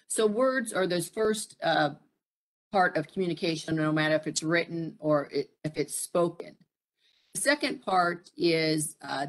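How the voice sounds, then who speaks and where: A middle-aged woman presenting a live-streamed workshop, pausing often with fillers and putting questions to her audience. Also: sits low. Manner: frequent fillers and pauses, asks the audience questions. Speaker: presenter at a military family program.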